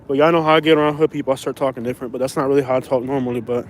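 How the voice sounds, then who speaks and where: Speaking rapid-fire at a medium pitch with little pitch movement, a Florida man with a Southern accent rambles in slangy street talk. He's vlogging on a handheld phone while walking through snow, with traffic and outdoor ambience on a windy street.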